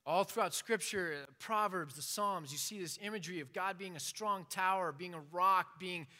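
A man's voice: high voice, normal speed, bright, forceful tone. A man giving an informal sermon with passion, acting out the prayers he quotes. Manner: impassioned, acts out quoted prayers. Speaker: preacher.

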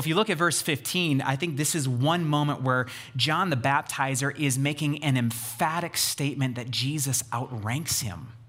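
A man's voice: medium pitch, a bit bright. A man preaching a sermon as a pastor, talking emphatically, building in intensity and putting questions to his listeners.

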